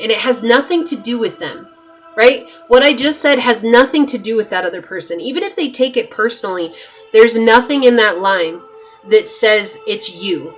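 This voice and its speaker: A woman's voice: on the high side, lively intonation, moderate pace. Woman, tarot reader, emphatic, repetitive, addresses viewers, faint background music. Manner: emphatic, repeats herself, talks straight to viewers. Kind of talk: pick-a-card tarot reading.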